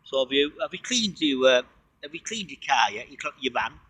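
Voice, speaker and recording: Casual male livestream host, bright and a touch husky, chatty rambler fond of wordplay. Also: medium pitch, very animated, normal speed, dry recording, rough recording. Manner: talks while eating.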